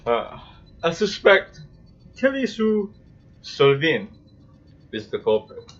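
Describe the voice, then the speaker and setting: Crude, joking gameplay commentator, somewhat high voice, dull lo-fi mic. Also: male voice, wildly swooping pitch, slow pace, fairly bright tone. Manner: crude, joking, swears freely.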